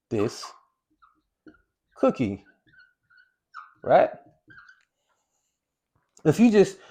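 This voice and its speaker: A man pitched high and a little mellow delivers casual encouragement to camera as a weight-loss coach. Repetition of key phrases and slowed-down emphasis on single words mark his delivery.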